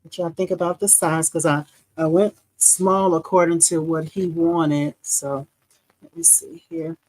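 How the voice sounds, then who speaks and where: Woman, middle-aged, lower voice, friendly craft-stream host who laughs and chats with viewers. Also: steady tone, measured pace, a little mellow, rough recording. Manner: chatty, addresses viewers as y'all, laughs often. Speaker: embroidery livestream host. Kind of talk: casual live demo chat.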